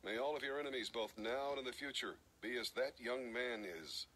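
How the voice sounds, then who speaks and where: A man's voice: mid-range voice, a little fast, sharp tone, slight background noise, lightly acted. A man reading the formal words of a foreign courier. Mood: solemn.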